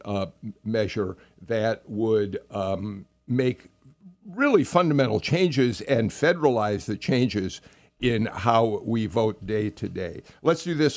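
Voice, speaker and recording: A man's voice: lowish voice, no room sound. Guy hosting political radio talk, lots of ums, wry, dry close studio mic. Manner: halting, many fillers, wry. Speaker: radio talk show host.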